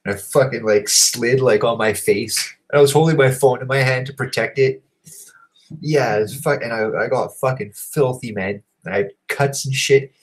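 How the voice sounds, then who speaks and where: A man in his thirties hosting a show, telling a long, profane story in a casual, animated way. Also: medium pitch, moderate pace, rough recording. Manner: profane, animated, swears constantly. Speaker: host. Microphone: home recording setup.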